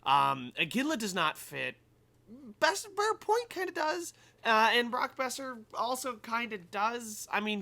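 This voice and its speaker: A man's voice: sits high, bright, forceful tone. A young man giving casual game commentary, thinking aloud and rambling with many fillers as he plays. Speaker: gaming YouTuber.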